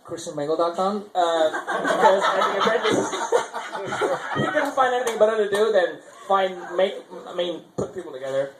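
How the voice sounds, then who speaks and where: Young man, fairly high voice, rambling open-mic comic who laughs at his own lines, recorded in an echoing small venue. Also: big pitch swings, moderate pace, a loud crowd. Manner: rambling, self-correcting, chuckling at his own jokes. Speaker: stand-up comedian. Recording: roomy live venue sound.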